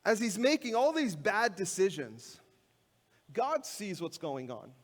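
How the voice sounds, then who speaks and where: A man's voice: high voice, big pitch swings, measured pace, in a large hall. A male pastor preaching a sermon in a church, retelling a scripture story in everyday, conversational words. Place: church sanctuary.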